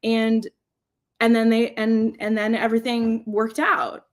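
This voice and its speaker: A woman's voice: a little high, completely flat delivery, unhurried. A woman co-hosting a casual marketing podcast, rambling and restarting her sentences while minding her child. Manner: rambling, self-interrupting, laughs often. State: juggling childcare while talking. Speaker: podcast co-host.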